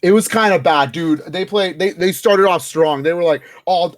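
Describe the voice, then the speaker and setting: A fairly high-voiced man chatting on a podcast, animated and quick to laugh as he tells stories. The sound is dry and close, with no room around it. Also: no echo. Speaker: podcast co-host. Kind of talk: casual chat.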